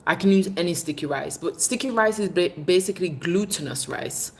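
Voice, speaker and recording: A woman hosting a casual livestream, reading viewer comments and chatting animatedly, calling viewers "babes" and laughing often. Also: brisk. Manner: bursts of laughter, lively pitch swings. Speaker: livestream host. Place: Jamaica.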